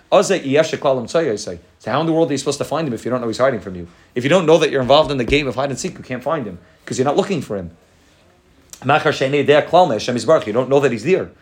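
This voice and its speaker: A man teaching a Torah class at a rapid clip. He reads short Hebrew passages and then explains them in English, often restarting and repeating words. His voice sits at an ordinary middle pitch. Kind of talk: Torah class on a Hasidic text.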